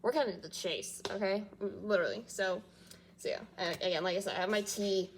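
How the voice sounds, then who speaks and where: A woman's voice: medium pitch, fairly even intonation, a little fast. A woman hosting a reaction channel, chatting casually at home, rambling with lots of fillers and restarts. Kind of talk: rambling casual chat to camera. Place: small echoey room at home. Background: faint household noise, dog in background.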